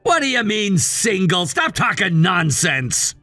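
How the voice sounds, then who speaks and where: A man voicing a controlling, scornful husband in a text-message story, dismissive and given to shouting. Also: high-pitched, sing-song, a little slow, dry recording, faint music behind, heavily acted. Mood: angry, scornful. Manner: bossy and dismissive, shouting at times.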